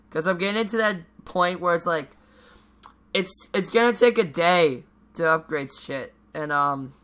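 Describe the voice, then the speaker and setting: A man's voice: a little high, bright, forceful tone. A teenage boy vlogging in a casual, rambling way, ranting and swearing freely with lots of fillers. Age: teens.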